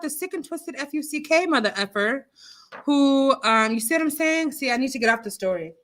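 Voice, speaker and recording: A woman's voice: sits high, lively intonation, fairly quick, fairly bright tone. A woman hosting a casual livestream, reading viewer comments aloud and reacting to them in an outspoken, indignant way. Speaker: livestream host reading chat. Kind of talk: casual live chat. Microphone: computer mic on a streaming call.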